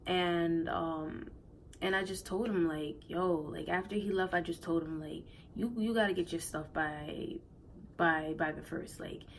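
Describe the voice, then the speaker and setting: A woman's voice: lowish voice, unhurried, a little hiss or hum, low-quality recording. Emotional young woman telling a breakup story. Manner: emotional, conversational, repeats herself, slangy. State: near tears. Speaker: vlogger. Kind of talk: storytime vlog, casual.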